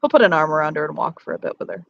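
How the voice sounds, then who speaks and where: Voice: mid-range voice, big pitch swings, rapid-fire, creaky, fairly bright tone, no echo. A game narrator describing characters' actions in a tabletop game, rambling, swearing and laughing often. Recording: dull lo-fi mic, faint hiss.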